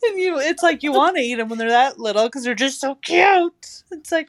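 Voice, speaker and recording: A woman's voice: high-pitched, lively intonation, normal speed. A woman co-hosting a podcast, chatting playfully about parenting and laughing often. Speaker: podcast co-host. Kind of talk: casual chat.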